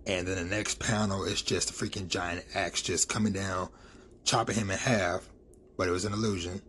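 A man's voice: low voice, fairly even intonation, normal speed, fairly bright tone, slight background noise. A man giving a casual, rambling recap of a manga chapter, full of fillers and the word "freaking". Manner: loose and rambling, filler-heavy, says "freaking" a lot.

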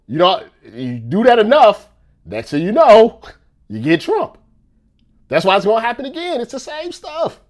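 A man's voice: very high voice, sing-song, moderate pace. A man talking in a casual rant, repeating himself and firing off rhetorical questions.

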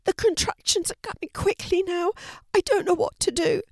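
A frightened young mother in labour from a storybook, voiced by a woman reading aloud. Her voice sits high and strained, breathy and pleading. The recording is dry and close. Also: normal speed, a little mellow, no echo. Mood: distressed.

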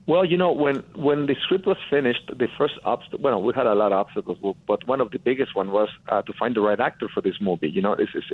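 Over a tinny phone line, a Mexican man with a Mexican accent, a guest producer, tells his story earnestly in a phone-in interview. His mid-range voice moves fast with few pauses, and he repeats phrases for emphasis.

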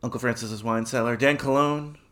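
A man's voice: mid-range voice, steady tone, fairly quick, a bit bright. A man co-hosting a casual film podcast, a bit tipsy from wine, rambling and tripping over his words. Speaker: podcast co-host.

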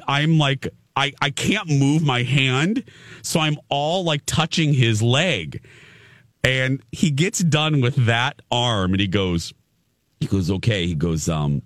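A man in casual conversation, telling a comic story with lively swings in his voice. He quotes the people in the story and plays up his own embarrassment. The sound is close and dry, with no room around it. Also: mid-range voice, dry recording.

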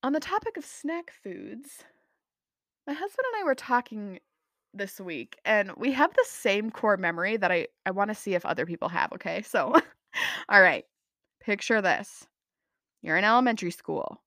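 A woman's voice: mid-range voice, expressive, normal speed, a bit bright, no echo, studio quality. A young adult woman hosting a casual solo podcast, gushing and bubbly, often laughing at herself. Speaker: podcast host.

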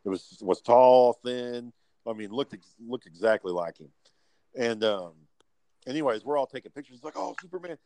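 Casual male co-host, mid-pitched, dry close-miked sound, swears a lot and animates his anecdotes. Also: moderate pace, no room sound, poor audio. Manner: profane, animated storyteller who acts out other people's lines. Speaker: podcast co-host. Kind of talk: casual storytelling chat.

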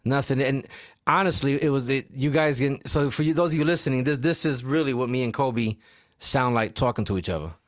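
A man's voice: medium pitch, a little fast, no echo. A man hosting a casual podcast, swearing freely, laughing often and getting worked up as he chats with his co-host. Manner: profane, animated, laughs often.

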